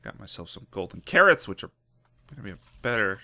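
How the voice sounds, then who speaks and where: Bright-voiced excitable let's play man. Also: lowish voice, quick pace, vocal fry. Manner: excitable, self-mocking, laughs often. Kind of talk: casual gameplay commentary.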